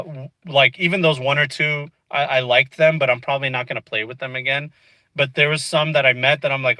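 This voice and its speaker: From inside a car, a man vlogs a frustrating story casually, sprinkling in "dude" and "you know what I mean." His voice is medium-pitched with a sharp tone, and the recording is dry and low quality.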